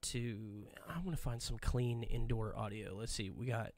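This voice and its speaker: Gravelly man rambling through a demo. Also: fairly low pitch, fairly even intonation, moderate pace, a little mellow. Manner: rambling, self-deprecating, mutters asides to himself. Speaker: podcast host. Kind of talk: casual live-stream demo. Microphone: desk microphone.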